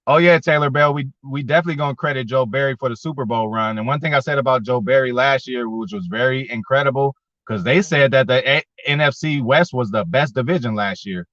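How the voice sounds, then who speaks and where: Hyped-up guy ranting casually, slangy and cussing, bright sharp voice, kinda dull lo-fi sound. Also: mid-range voice, a little fast, no echo. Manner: excitable, profane, slangy, gets worked up. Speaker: sports fan show host. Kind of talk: casual fan chat, answering viewers.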